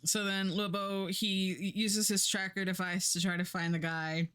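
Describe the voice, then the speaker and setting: Smooth-voiced woman rambling sarcastically. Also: medium pitch, steady tone, normal speed, fairly bright tone. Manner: rambling, sarcastic, often laughing. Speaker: livestreamer. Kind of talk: casual stream chat.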